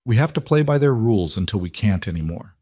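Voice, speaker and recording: Guy doing a quiet protective rancher, calm even voice, low. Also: fast talker, no echo, clean studio sound. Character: protective male rancher, steady and restrained.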